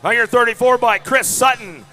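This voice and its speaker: A man calls a BMX race live with a very high, piercing voice. He works the crowd and reads out each rider by bike number, with faint music behind. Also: moderate pace, bright, forceful tone. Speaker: race announcer. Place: outdoor BMX track.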